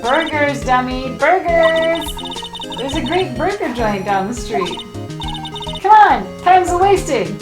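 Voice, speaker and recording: A woman voicing a perky, excitable young female assistant in a game reading, in an echoey room with loud music behind. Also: high voice, slow, far from the mic, voice pushed up. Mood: excited. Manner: excitable, calls out.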